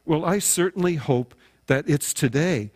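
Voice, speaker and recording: A man's voice: fairly high pitch, lively intonation, a little slow, darkish tone. A man, a pastor, delivering a sermon in a conversational storytelling way, acting out imagined dialogue with his listeners. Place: recorded without in-person congregation.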